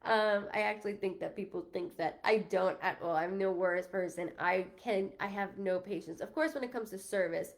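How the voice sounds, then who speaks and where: A woman's voice: mid-range voice, normal speed, hardly any pauses. A woman working as a psychic medium on a live stream, talking in a rambling, casual way that keeps breaking off and restarting, with frequent laughter. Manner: rambling, self-interrupting, laughs often.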